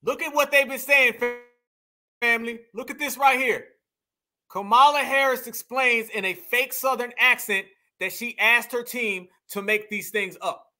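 Male commentary host, very high and bright tone, animated scolding delivery, heavy slang. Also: moderate pace. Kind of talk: reaction commentary on clips.

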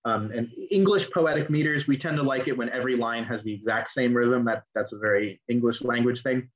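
A man's voice: medium pitch, brisk. A young man teaching an online class, explaining in a casual way with fillers and restarts. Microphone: video call. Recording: dull lo-fi audio.

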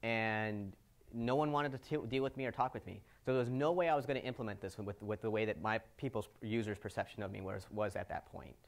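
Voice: medium pitch, a little fast. A speaker giving a security conference talk from a stage, stressing key points by repeating them.

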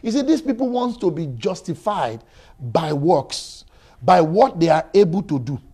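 Male pastor, high voice, energetic sermon delivery, stammers and repeats words. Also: a little slow, gravelly, husky. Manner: storytelling, swings from quiet to shouting, repeats words.

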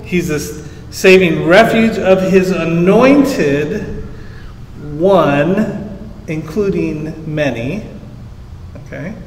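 High-voiced pastor in an echoey hall. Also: male voice, slight background noise. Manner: conversational teaching, explains Hebrew terms simply, rises emphatic on scripture. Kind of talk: sermon. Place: church sanctuary.

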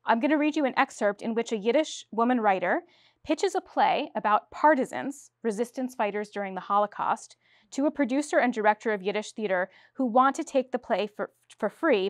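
A woman giving an academic lecture, speaking in a measured way from a prepared text. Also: mid-range voice, no room sound, clean studio sound.

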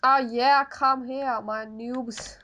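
A woman's voice: fairly high pitch, fairly even intonation, bright, forceful tone, lo-fi sound. A woman hosting casual gaming commentary, giggly and laid-back, yelping at what happens in the game. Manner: giggly, slow-spoken, yelps at game events. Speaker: host.

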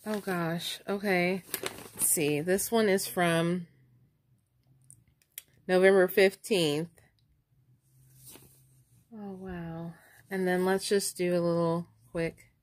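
A woman's voice: lowish voice, slow, pauses often. Chatty woman showing off coupons. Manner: chatty, excited, stutters now and then. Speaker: couponing vlogger. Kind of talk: casual show-and-tell vlog.

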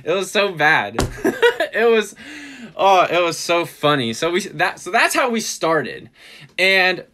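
A man casually telling a story in a livestream replay, animated and laughing often as he acts out what was said. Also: high-pitched, takes it slowly, noisy background.

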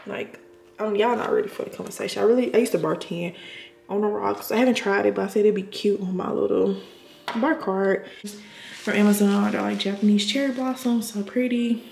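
A woman's voice: medium pitch, fairly even intonation, fairly quick, vocal fry, darkish tone. A woman in her twenties touring her apartment in a casual vlog, chatting to viewers as y'all. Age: 20s. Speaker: nurse vlogger. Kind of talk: casual home tour vlog. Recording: echoey room with faint noise.

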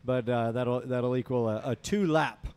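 A man doing live sports commentary from a tent booth, explaining the race in a relaxed way with dry humor. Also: mid-range voice, normal speed, clean tone. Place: tent booth at a beach event.

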